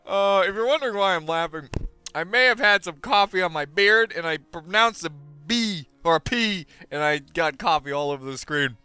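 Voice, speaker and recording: Goofy, lively man on a headset. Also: high-pitched, moderate pace, clear, resonant tone, no room sound, soft background music. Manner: goofy, self-mocking, rambling. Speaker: let's play host. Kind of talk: casual gaming commentary.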